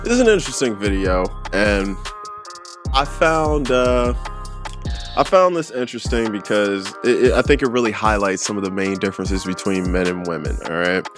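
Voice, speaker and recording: A man's voice: fairly low pitch, normal speed, faint music behind. Slangy man reacting to a clip. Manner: slangy, animated, repeats himself. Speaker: reaction video host. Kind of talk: casual reaction commentary.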